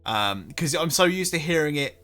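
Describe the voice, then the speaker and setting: A man's voice: a little high, expressive, normal speed, sharp tone, faint music behind. Chatty Englishman hosting a stream. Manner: chatty, hesitant, self-correcting. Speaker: streamer host. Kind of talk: casual stream chat.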